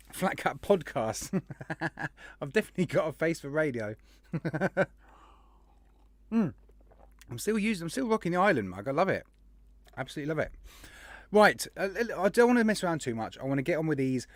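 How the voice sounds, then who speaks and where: A man's voice: on the high side, very animated, brisk, pauses often, no room sound. Chatty man hosting a livestream. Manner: chatty, jokey, rattles off shout-outs. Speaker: podcast host. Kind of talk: casual livestream chat.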